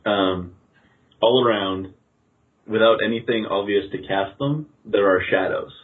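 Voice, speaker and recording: A man narrates his part of a tabletop storytelling game, pausing often and choosing his words with care. His voice is husky and slow, and the audio comes through thin and phone-like. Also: on the low side. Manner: deliberate, with many pauses.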